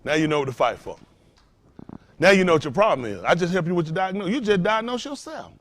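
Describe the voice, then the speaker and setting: Talking fast in a voice that sits high with lively intonation, a male pastor works his congregation through call-and-response. He volleys rhetorical questions and shifts from booming emphasis to quiet lines.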